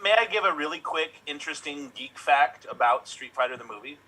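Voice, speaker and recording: A man's voice: fairly high pitch, expressive, fairly quick, bright, forceful tone, low-quality recording. A man performing in an improv show, eagerly sharing geek trivia.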